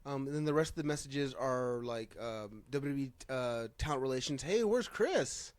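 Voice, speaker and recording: A man's voice: mid-range voice, steady tone, brisk, clear, resonant tone, dry recording. A man hosting a podcast in casual chat who rambles, restarts his sentences and laughs easily. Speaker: podcast host.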